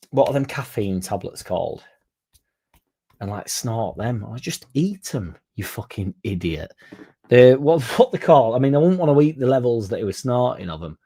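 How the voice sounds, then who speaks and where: A man's voice: medium pitch, dark tone, breathy edge. A man hosting a football fan channel, chatting casually in a rambling, sweary, self-mocking way.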